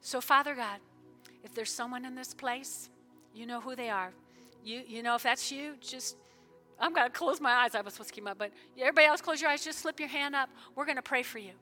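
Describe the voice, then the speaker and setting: A woman pastor preaching in a church service, fervent, with sudden loud bursts and soft prayerful stretches. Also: sits high, a little fast, soft background music. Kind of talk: sermon with altar call prayer.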